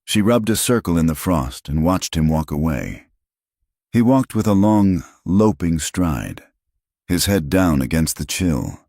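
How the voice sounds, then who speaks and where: A man with an extremely low, deep voice reads a scripted audiobook of a frontier story, keeping a steady, measured pace. The recording is dry and close, with no echo from the room.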